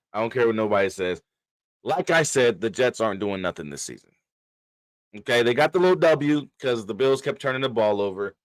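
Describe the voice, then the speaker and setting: A man hosting a sports podcast in casual chat, animated, laughing often and trash-talking rivals. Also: on the low side, dry recording. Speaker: podcast host.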